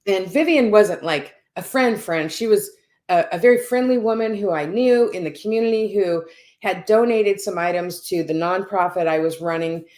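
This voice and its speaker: A woman's voice: medium pitch, normal speed, darkish tone. A woman guest telling a personal story in conversation, earnest and chatty, often checking in with "right?".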